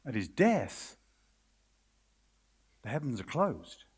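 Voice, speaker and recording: A man with a British accent preaching a sermon at a conference, earnest and dramatic, dropping to a hush at key moments. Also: medium pitch, very animated, husky. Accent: British English. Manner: earnest, dramatic, with hushed pauses and quoted voices. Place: conference hall. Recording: long hall reverb.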